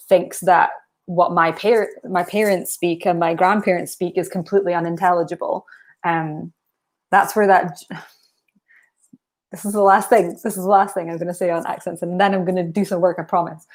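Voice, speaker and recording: A young Scottish woman with a lowish voice talks to her stream in a loose, rambling way. She fills her sentences with ums and likes and wanders from one thought to the next. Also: darkish tone. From Aberdeen, Scotland. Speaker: writing livestream host. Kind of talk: casual live-stream chat.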